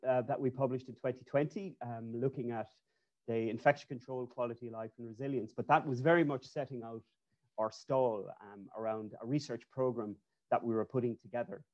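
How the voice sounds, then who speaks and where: A man's voice: medium pitch, steady tone, brisk. A man, an architect, giving a loose, conversational webinar presentation over a video call, with frequent restarts and fillers. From Ireland. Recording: dull lo-fi call audio.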